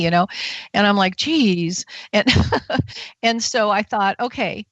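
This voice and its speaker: A woman's voice: mid-range voice, moderate pace, fairly bright tone, dry recording, highs cut off. A woman guest on a talk radio show, telling a personal story with animation and acting out her own frightened thoughts.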